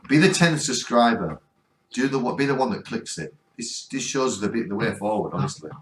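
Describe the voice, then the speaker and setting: A ghost-hunting vlogger with a northern English accent works a spirit box in a cold spot, sincerely coaxing the spirits and pleading for them to respond. His mid-range voice is animated and a bit bright, at a moderate pace, with a roomy sound.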